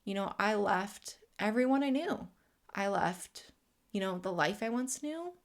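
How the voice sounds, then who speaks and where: A woman's voice: mid-range voice, lively intonation, unhurried. Earnest woman hosting a spiritual talk. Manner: earnest, heartfelt, many "you know" fillers. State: emotional, near tears. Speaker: host. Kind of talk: spiritual self-help talk.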